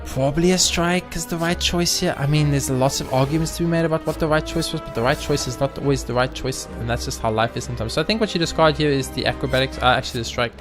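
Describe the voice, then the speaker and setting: His voice sits a little high, and he talks fast with few pauses while music plays in the background. In this let's play, the excitable host casually narrates his gameplay, cheering, swearing and taunting the enemies.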